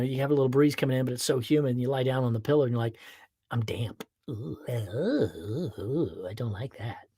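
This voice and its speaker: A man hosting his own podcast, chatting casually with viewers before he records, then talking in a playful, animated way. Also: medium pitch, slightly rough, no echo, clean studio sound. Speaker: podcast host. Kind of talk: casual livestream chat and podcast monologue.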